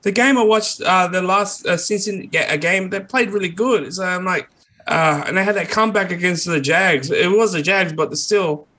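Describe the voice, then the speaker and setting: Bright-voiced man talking sports picks. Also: high-pitched, moderate pace. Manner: chatty, reasons out loud. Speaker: podcast co-host. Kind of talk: casual chat.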